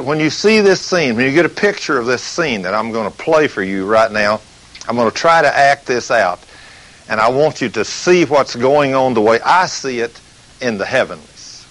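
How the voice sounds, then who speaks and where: A man's voice: medium pitch, animated, moderate pace, fairly bright tone, low-quality recording. Dramatic male preacher. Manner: dramatic, acts out the scenes and voices he quotes; asks rhetorical questions. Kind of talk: sermon. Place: studio recording between breaks.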